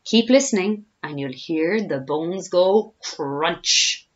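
A sly, greedy storybook crocodile, voiced by a woman, drawling slowly over his words with a lively lilt. The voice sits a little low. The recording sounds dull and lo-fi. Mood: gloating.

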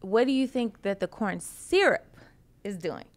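A woman's voice: medium pitch, expressive, a little slow. A woman, a personal trainer, talking in a casual talk show chat in an emphatic, passionate way. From United States. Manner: emphatic and passionate, laughs often.

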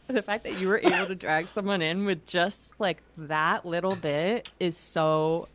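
A woman with a lower voice chatting on a podcast. She trades quick, reactive remarks with her co-host and laughs easily. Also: steady tone, noisy background. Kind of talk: casual podcast chat.

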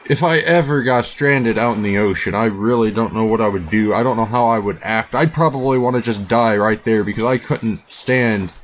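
A man's voice: fairly low pitch, normal speed, hardly any pauses, a little hiss or hum. Rambling man narrating a survival game. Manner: rambling, frustrated, talks to game objects. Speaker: gaming YouTuber. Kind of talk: let's play commentary.

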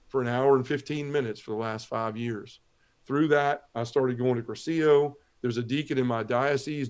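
A middle-aged man telling his conversion story as a podcast guest, earnest and often dropping to a hushed voice. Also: mid-range voice. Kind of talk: testimony storytelling.

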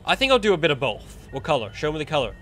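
A young man giving casual let's-play commentary, chatting to the game characters and breaking into excited shouts. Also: fairly high pitch, rapid-fire, background noise. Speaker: gameplay commentator.

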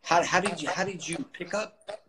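A man hosting a casual interview, talking in halting, rambling bursts with many restarts. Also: sits high, fairly even intonation. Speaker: host. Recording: loud background noise.

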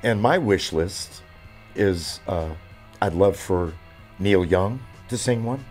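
A man's voice: low voice, lively intonation, slow pace, a little mellow, faint music behind. A man in his seventies talking in an interview, rambling with many fillers and restarts. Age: 70s. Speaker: drummer.

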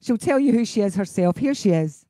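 A woman's voice: mid-range voice, expressive, fairly quick, dark tone. A middle-aged Scottish woman hosts a live session as a singing teacher. She chats in a loose, laughing way and drifts off on tangents. Her voice sounds dry and close, with no room echo. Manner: chatty, laughing, goes off on tangents. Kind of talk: casual live-stream chat.

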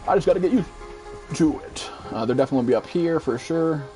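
With soft music in the background, a man in his twenties streams himself playing a shooter. He talks fast, swears freely, and breaks into excited high-pitched outbursts.

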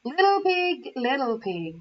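A woman's voice: high-pitched, big pitch swings, a little slow. A woman doing a growling big bad wolf. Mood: menacing. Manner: growling, demanding. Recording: muffled, from far off the mic.

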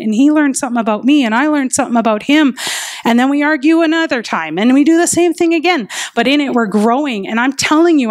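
A woman preaching a sermon in an earnest, personal way, telling stories of her own faith. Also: fairly high pitch. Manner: earnest and personal, with lively retold inner dialogue.

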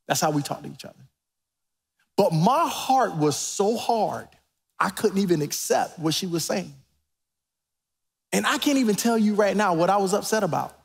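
A man preaching a sermon as pastor in a church, animated and preacherly, rising to near-shouts. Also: sits high, fairly quick, gravelly. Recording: reverberant church sanctuary.

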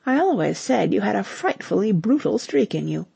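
An affectionate young wife who teases playfully, read by a woman. Her husky voice has a gravelly edge and bounces lively up and down. The sound is dry and close. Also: medium pitch, normal speed, no echo, heavily acted. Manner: playful, teasing.

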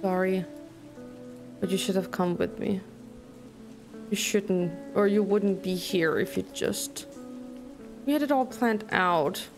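This is a restless young woman torn between hurt and anger, read out by a woman playing a game. She pleads and pushes back in a mid-pitched voice. Faint music plays behind her. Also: slow, long pauses. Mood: grieving. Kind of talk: reading game dialogue aloud.

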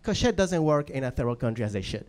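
A young man from Venezuela, a native Spanish speaker with a Venezuelan Spanish accent, doing an animated stand-up comedy set, swearing and acting out voices. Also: medium pitch, fast. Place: comedy club stage. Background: audience laughter.

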